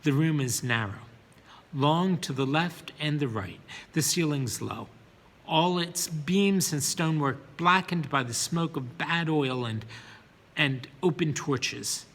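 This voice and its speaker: A man's voice: on the high side, slow, fairly bright tone, in a large hall. A man narrating a first-person story, sometimes repeating words as he reads.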